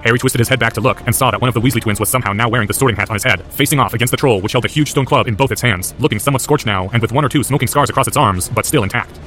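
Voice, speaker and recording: A man's voice: medium pitch, very fast, hardly any pauses, a bit bright, soft background music. A man narrating a story aloud as an audiobook, intense and driven. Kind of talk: audiobook narration of fan fiction.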